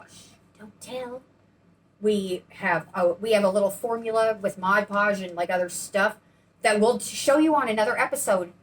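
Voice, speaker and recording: A woman's voice: medium pitch, fairly bright tone. A woman co-hosting a painting channel, chatting in a bubbly, rambling way while she demonstrates paint pouring. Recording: distant mic with faint background noise.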